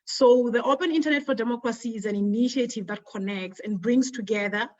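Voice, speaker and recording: A woman from Lesotho giving a conference talk over an online call, measured and formal. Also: fairly high pitch, darkish tone. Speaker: conference speaker. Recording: dull lo-fi sound.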